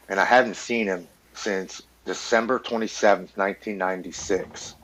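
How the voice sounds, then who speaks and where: A man in his forties, a podcast guest recounting his own recovery story. His voice sits a touch low, and he talks in an earnest, blunt way with occasional swearing. He often repeats words as he works through the memory. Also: fairly even intonation, moderate pace, fairly bright tone, low-quality recording. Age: 40s.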